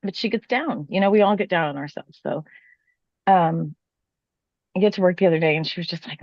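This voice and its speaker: A woman in casual chat, telling a story with animated delivery and casual swearing. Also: lowish voice, brisk, long pauses, dry recording, dull audio. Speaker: podcast co-host telling a work story.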